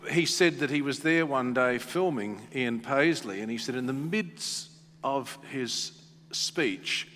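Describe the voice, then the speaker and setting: Man, radio host, conversational, bright forceful tone, long hall reverb. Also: medium pitch, slow, a little hiss or hum. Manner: conversational, anecdotal questioning. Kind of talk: stage interview.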